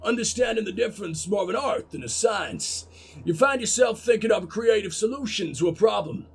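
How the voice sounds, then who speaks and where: A man with a Cockney accent voicing a stern male sports coach who lectures his team, straining for an American gruffness. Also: sits high, animated, fairly quick, heavily acted. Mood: lecturing.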